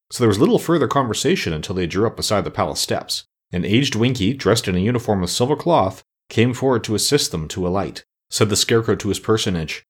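A man reading a classic children's novel aloud as an audiobook narrator, measured and expressive. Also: lowish voice, husky. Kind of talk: scripted storybook narration.

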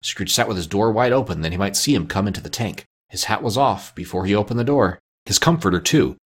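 A man narrating a classic story with a lively, expressive reading. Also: on the low side, brisk, slightly rough.

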